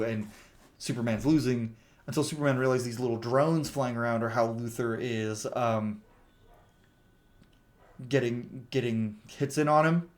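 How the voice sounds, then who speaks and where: A man talking through a film in a relaxed, rambling recap, peppering his sentences with "like" and an occasional curse. His voice sits at an everyday mid pitch, and he slips into quick bits of character voices when quoting scenes. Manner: chatty, heavy with "like" fillers, swears freely; acts out characters' lines when quoting them. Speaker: movie reviewer. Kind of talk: casual plot-recap movie review.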